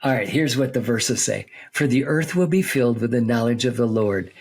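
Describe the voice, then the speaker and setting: A man's voice: mid-range voice, moderate pace, breathy edge. A man on a podcast explaining a Bible book step by step, reading passages aloud and checking in with his listener. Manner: explains step by step, reads scripture aloud, checks with "okay?" and "right?". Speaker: seminary teacher on a podcast. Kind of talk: conversational Bible teaching.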